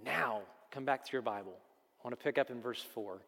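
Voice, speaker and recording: A middle-aged man preaching a conversational, animated sermon, asking the congregation questions as he teaches. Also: mid-range voice, normal speed, creaky. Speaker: pastor. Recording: long hall reverb.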